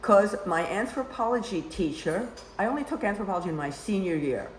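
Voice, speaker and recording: A guest storyteller, an older woman, tells long personal stories in a casual, rambling way, full of "you know" asides. She speaks fairly quickly in an animated, medium-pitched voice. The room echoes, with a little hiss or hum.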